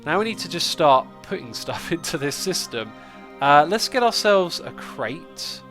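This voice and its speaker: A man's voice: fairly high pitch, sing-song, measured pace, fairly bright tone, faint music behind. A man with a stuffy, congested nose hosting a casual gaming livestream, chatting and thinking aloud as he plays. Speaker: livestream host.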